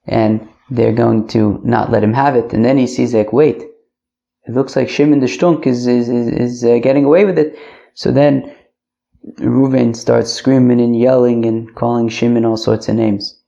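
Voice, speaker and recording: A man's voice: medium pitch, fairly even intonation, normal speed, mellow, highs cut off. A man teaching a casual Talmud class, loose and chatty, sprinkling in Yiddish and Aramaic terms. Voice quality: gravelly.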